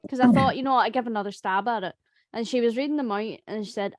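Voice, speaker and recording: A woman's voice: on the high side, fast talker, no echo. A young woman, telling stories in a casual group chat about voice acting. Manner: chatty storyteller, animated quoting. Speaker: voice actor.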